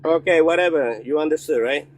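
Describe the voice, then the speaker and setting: A man's voice: fairly high pitch, fairly quick, no echo. A man calling into a live politics stream, combative and swearing, talking over the host and co-host. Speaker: caller. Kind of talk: heated call-in argument.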